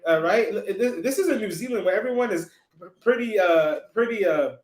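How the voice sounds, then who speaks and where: A man with a high-pitched voice hosts a casual stream and tells his stories with animated repetition. The sound carries a roomy echo. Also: normal speed. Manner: animated storyteller, laughs and repeats lines for effect. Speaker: host. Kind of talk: casual livestream commentary.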